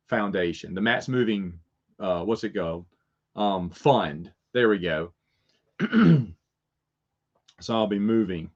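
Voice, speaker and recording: A man with a lowish voice, its highs cut off, hosts a relaxed Q&A answering viewer questions. He rambles through stories and chuckles at his own jokes.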